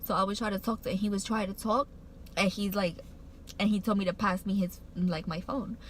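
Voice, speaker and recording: A woman speaks to camera about something personal, circling back and restarting her sentences with a steady stream of fillers. Her voice sits at an ordinary middle pitch and carries real emotion, at times close to tears. A faint background hiss runs under the recording. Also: brisk, rough recording. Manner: rambling, heartfelt, many "like" fillers and restarts; emotional, getting choked up while recounting. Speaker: vlogger.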